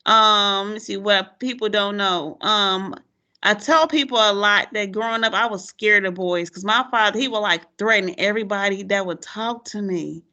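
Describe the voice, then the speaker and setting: On a muffled recording, a woman with a medium-pitched voice talks at a normal speed while hosting a relaxed podcast. Once a teacher, she tells lively stories, voicing her students' quotes and laughing frequently.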